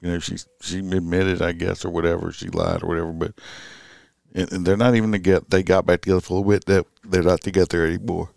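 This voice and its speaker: A middle-aged man with a drawl talks through a late-night monologue in an extremely deep, low voice. He rambles and restarts, leaning on fillers as he goes. The recording is dry and close, with no room sound. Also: little pitch movement, quick pace, creaky, a little mellow, dry recording. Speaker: police officer vlogger.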